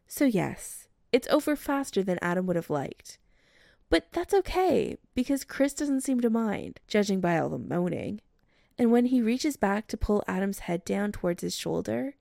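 A woman narrating a romance story as an audiobook reading, slow and even. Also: mid-range voice, vocal fry, no room sound, clean studio sound.

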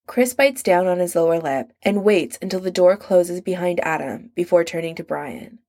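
A woman narrating a story in a measured storytelling manner. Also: lowish voice, lively intonation, a little mellow. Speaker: audiobook narrator. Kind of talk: scripted narration.

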